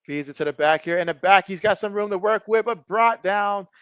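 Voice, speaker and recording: A man streaming a game, giving casual play-by-play, reading viewer chat and joking often, getting excitable on big plays. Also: high-pitched, fairly quick, clear, resonant tone, no echo, lo-fi sound. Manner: jokey, excitable, often laughs. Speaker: live-stream sports commentator.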